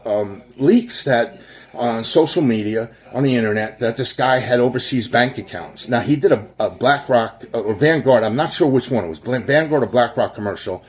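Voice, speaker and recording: A man's voice: fairly low pitch, darkish tone. A man hosting his own show, giving heated, rambling political commentary full of restarts and trailing fillers. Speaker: host.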